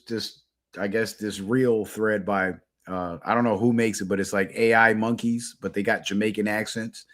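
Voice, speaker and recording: A man hosting his own channel at home alone, talking in a loose, profane, casual commentary style and laughing often. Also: fairly low pitch. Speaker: channel host.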